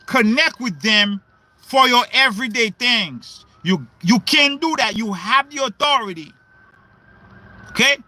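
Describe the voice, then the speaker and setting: A man preaching in a livestream sermon, questioning his listeners, repeating himself and breaking into shouts. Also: extremely high pitch, no room sound.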